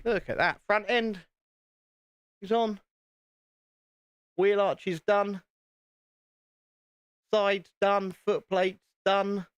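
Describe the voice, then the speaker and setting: A man's voice: high voice, fairly even intonation, extremely slow, pauses often, clean tone, no room sound, dull audio. A British man hosting a casual live stream, chatting to viewers while he builds and poking fun at himself. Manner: chatty, self-deprecating, talks to viewers.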